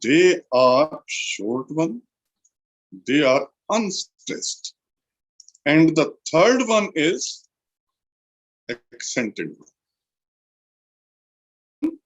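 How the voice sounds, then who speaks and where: Slow, emphatic Indian English lecturer. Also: male voice, on the high side, very animated. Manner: slow, deliberate, repeats key terms for emphasis. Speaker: college lecturer. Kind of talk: recorded literature lecture.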